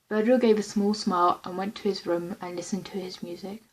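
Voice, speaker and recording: Brief: woman of medium pitch reading her own fan script, plain and unpolished, stumbling now and then. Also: fairly even intonation, brisk, few pauses, a little mellow, a little hiss or hum, rough recording. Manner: plain unpolished reading with small slips and restarts.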